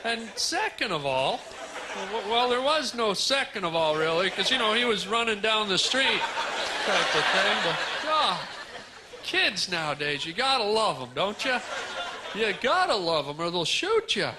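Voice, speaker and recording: A man's voice: high-pitched, very animated, measured pace, a loud crowd. A man performing a stand-up comedy set on stage, rambling in a mock-sincere way with absurd nonsense wordplay. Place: comedy stage before a live audience. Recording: live stage recording with audience noise.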